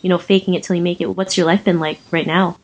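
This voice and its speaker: A woman's voice: lowish voice, level tone, quick pace, highs cut off. A woman hosting a podcast interview, encouraging and reflective, with many "you know" fillers. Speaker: podcast host. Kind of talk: interview conversation.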